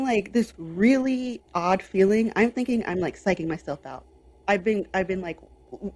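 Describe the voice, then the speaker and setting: A young adult woman co-hosting a podcast, telling a personal story in a casual, animated way. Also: medium pitch. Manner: animated, lots of fillers and quoted inner voice. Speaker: podcast co-host.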